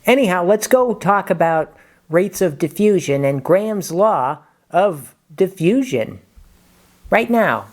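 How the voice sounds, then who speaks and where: A male chemistry teacher talking in a squeaky voice after inhaling helium, joking and then explaining in a casual lesson intro. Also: sing-song, slow pace, full character voice. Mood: mock apologetic.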